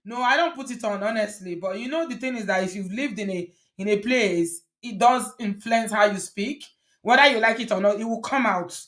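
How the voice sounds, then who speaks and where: A woman's voice: medium pitch, brisk, fairly bright tone. A middle-aged woman hosting a casual live-stream chat, talkative and teasing, laughing often as she goes. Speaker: host.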